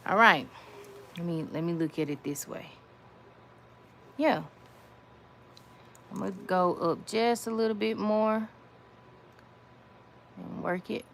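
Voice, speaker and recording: A woman's voice: medium pitch, takes it slowly, vocal fry, pauses often, fairly bright tone. A woman giving a casual nail art tutorial, chatty, repeating her phrases and talking to viewers as y'all. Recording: faint background noise.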